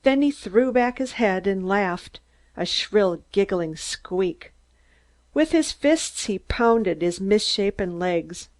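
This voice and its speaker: This audiobook reader, a woman of medium pitch, voices a mystery story aloud with measured pacing and plenty of expression.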